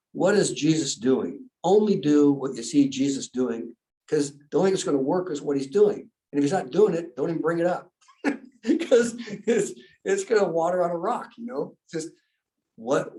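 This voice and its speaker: A man's voice: a little high, expressive, normal speed, warm tone. Chatty storytelling man, a bit off-mic. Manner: chatty, laughs while telling stories, acts out dialogue. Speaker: guest speaker. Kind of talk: casual storytelling. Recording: distant from the mic.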